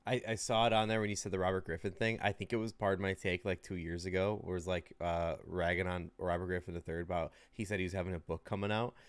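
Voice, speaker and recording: A man's voice: low voice, level tone, fast, hardly any pauses, clean tone, no room sound. A man co-hosting a sports betting podcast, rambling loosely with frequent laughs and swearing. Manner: rambling, laughing often, profane. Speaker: podcast co-host. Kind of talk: casual sports chat.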